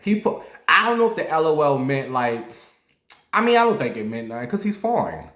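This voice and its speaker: A man's voice: fairly high pitch, very animated, a little fast, fairly bright tone. A man chatting casually and crudely to his viewers, with sudden jumps up to playful squeals. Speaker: vlogger. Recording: roomy echo.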